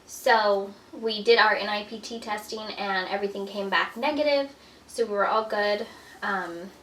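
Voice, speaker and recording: A woman's voice: mid-range voice, normal speed, fairly bright tone. A young adult woman giving a casual pregnancy update at home, chatty and full of fillers, a little out of breath. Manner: chatty, filler-heavy, lots of 'like' and 'um'. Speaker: vlogger. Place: indoors at home. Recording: roomy echo, mic at a distance.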